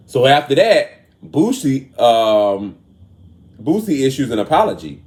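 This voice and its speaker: A man hosting a casual commentary show, earnest and emotional, moving between raised and quiet talk. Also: mid-range voice, big pitch swings, measured pace. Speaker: show host. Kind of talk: casual commentary on celebrity news.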